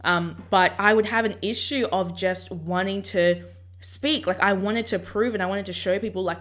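A woman's voice: medium pitch, steady tone, moderate pace, fairly bright tone. A woman hosting a podcast, talking casually and reflectively about faith and acting out her own inner dialogue. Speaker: podcast host. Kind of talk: casual faith encouragement talk.

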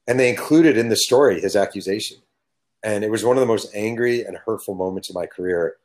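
A man's voice: fairly low pitch, fast talker. A middle-aged man from California talking bluntly and with emphasis in a casual chat, telling stories from his working life.

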